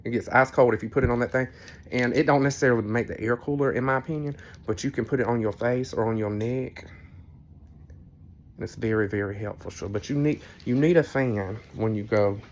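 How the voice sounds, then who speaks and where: A tipsy man, rambling through a casual storytelling vlog from a cruise ship cabin with frank asides and some cursing. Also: medium pitch. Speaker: vlogger.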